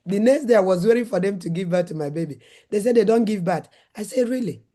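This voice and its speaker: Middle-aged Nigerian woman host, dark warm tone, animated storyteller. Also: mid-range voice, quick pace. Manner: acts out her own shouted lines in a raised voice. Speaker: host, former nurse and midwife.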